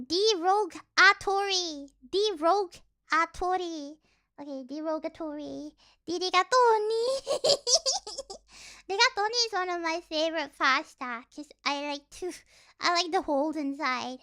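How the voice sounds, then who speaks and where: A woman's voice: high voice, animated, measured pace, sharp tone. A young woman streaming and chatting casually. She giggles often, plays around, and keeps tripping over her words.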